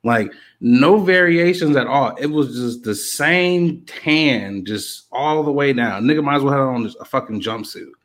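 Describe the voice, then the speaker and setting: A man in casual conversation, animated and profane, slipping into quick impressions of the people he talks about. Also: medium pitch. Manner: animated, profane slang, acts out quotes. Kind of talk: casual chat about a music event.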